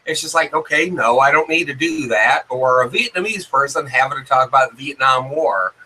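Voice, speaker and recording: A man's voice: medium pitch, a little fast, sharp tone, breathy edge, low-quality recording. A man as a guest in a casual discussion, talking hesitantly with restarts and fillers.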